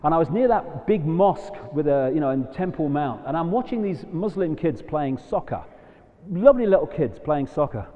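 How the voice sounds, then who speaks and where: A man giving a live talk to an audience, animated and shifting between quiet asides and loud emphatic points. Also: fairly high pitch, moderate pace. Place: large hall, live audience. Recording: dull lo-fi live hall recording with long reverb.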